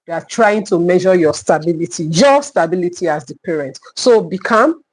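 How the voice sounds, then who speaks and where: A woman's voice: lowish voice, lively intonation, moderate pace, poor audio. A middle-aged woman with a Nigerian English accent, a clinical psychologist teaching a live online parenting class, emphatic and repeating her key points.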